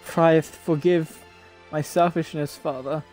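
A man's voice: on the high side, steady tone, takes it slowly, a little mellow, soft background music. A man voicing a lovestruck young princess in a stage play, pleading tenderly in old-fashioned speech. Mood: tearful pleading.

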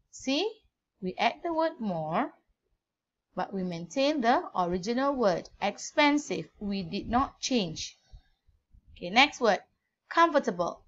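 A woman's voice: fairly high pitch, dull audio, a little hiss or hum. A woman with a Malaysian English accent teaching a grammar lesson, spelling words out letter by letter.

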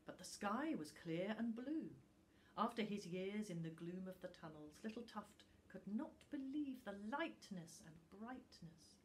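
A woman reads a children's story aloud in an unhurried, deliberate way and lingers on her words. Her pitch rises and falls in lively swoops as she dramatizes the tale. A faint room ambience hums behind her. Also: a little hiss or hum. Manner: animated, expressive pacing with dramatic pauses. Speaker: teacher reading aloud.

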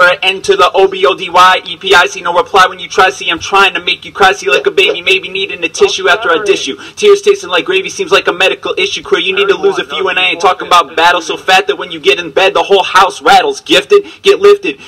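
A man's voice: high-pitched, bright, forceful tone, recorded from a distance, low-quality recording. A man spitting brash, insulting battle-rap rhymes over online game voice chat, heard through a gaming headset. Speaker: battle rapper.

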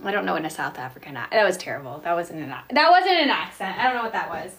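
A woman's voice: on the low side, very animated, quick pace, a bit bright. A woman hosting a casual phone livestream, reading viewer comments aloud and chatting, laughing often. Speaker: livestream host.

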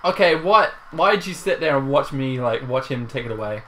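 Brief: young male gamer, bright and forceful tone, loud outbursts at the screen. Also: mid-range voice, brisk, slight background noise. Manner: excitable, swears and yells at the game. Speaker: co-host gamer. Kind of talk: casual let's play banter.

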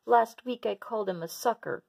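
A woman's voice: fairly high pitch, normal speed, creaky, darkish tone, breathy edge, pitched above the performer's own voice, heavily acted. A woman voicing a sad, sulky young boy shark in a storybook reading, with a whiny, pouting delivery. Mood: upset.

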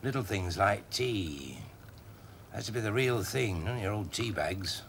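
A frail husband in an old tv drama, slowly savouring each word. His voice carries a gravelly edge, and the pitch rises and falls expressively as he muses. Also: animated, fairly bright tone, slight background noise. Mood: reflective. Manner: reflective, lingering over words. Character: ailing husband savouring simple tastes. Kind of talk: 1970s television drama.

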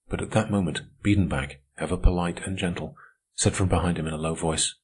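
Man narrating audiobook, measured steady delivery, deep voice, husky tone. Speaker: audiobook reader. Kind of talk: scripted narration.

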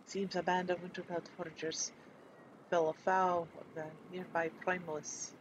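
A man's voice: sits high, flat delivery, normal speed, background noise, close to an everyday voice. A man voicing a grim furbolg quest-giver in a put-on Scottish accent, reading quest text aloud.

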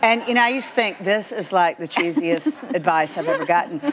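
A woman's voice: on the low side, noisy background. A woman in her fifties with a Southern US accent, telling stories as a guest on a Christian talk show. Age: 50s. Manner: animated storyteller, quick and expressive. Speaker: guest author.

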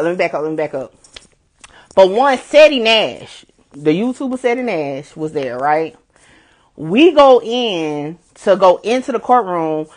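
Woman, blogger, casual storytelling, animated, swears a lot, repeats herself, mid-range voice. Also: medium pitch.

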